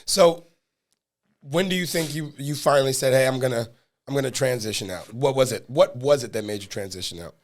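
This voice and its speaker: A man's voice: mid-range voice, fairly quick. A man hosting a podcast, chiming in casually, sharing his own story and asking his guest follow-up questions. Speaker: podcast host. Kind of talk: casual chat. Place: podcast studio.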